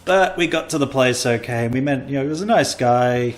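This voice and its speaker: A man's voice: mid-range voice, fairly quick. A man hosting a casual comedy podcast, rambling and self-mocking as he tells a travel story. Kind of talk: casual chat.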